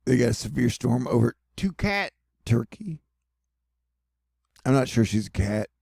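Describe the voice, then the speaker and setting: Gravelly, husky man joking through a weather update. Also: medium pitch, big pitch swings, unhurried, darkish tone, no echo, clean studio sound. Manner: jokey asides, rambling and self-mocking. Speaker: weather news host. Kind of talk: casual weather commentary over maps.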